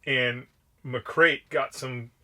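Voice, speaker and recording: A man's voice: medium pitch, very slow. A man co-hosting a casual podcast, telling profane anecdotes about old friends and acting out their lines. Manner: profane, animated anecdotes with acted quotes. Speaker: podcast co-host. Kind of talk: casual storytelling.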